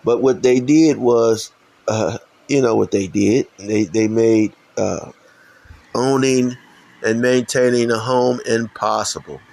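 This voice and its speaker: A man's voice: mid-range voice, slow, gravelly, a little mellow, low-quality recording. A middle-aged man from Chicago giving a heated, profane religious rant, often stumbling and restarting his sentences. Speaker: channel host. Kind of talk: ranting religious commentary.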